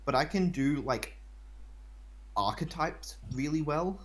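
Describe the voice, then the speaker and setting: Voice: medium pitch, expressive, takes it slowly, crowd noise. A tabletop game player chatting casually with friends, eager and interrupting to show off voice impressions. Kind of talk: casual chat.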